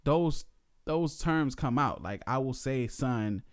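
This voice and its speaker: A man's voice: mid-range voice, animated, slow pace. A young man in a casual, argumentative chat with his wife, laid-back and a bit defensive, explaining with computer comparisons. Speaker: husband in a couple's talk.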